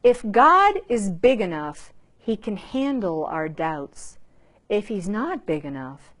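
A woman's voice: medium pitch, a little slow. A woman teaching a Bible lesson to a group in an informal, conversational way, repeating herself and acting out little asides. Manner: animated, conversational, many restarts and acted asides.

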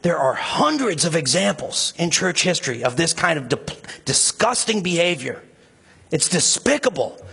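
A man's voice: sing-song, normal speed, vocal fry, bright, forceful tone, husky. A man preaching a sermon as a pastor, speaking with passion and rising emphasis. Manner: impassioned, rising to emphatic high pitch when stirred.

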